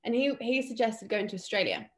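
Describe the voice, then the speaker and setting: A woman's voice: on the high side, sing-song, a little fast. A young British woman from England, a guest chatting casually in an interview with plenty of fillers and restarts.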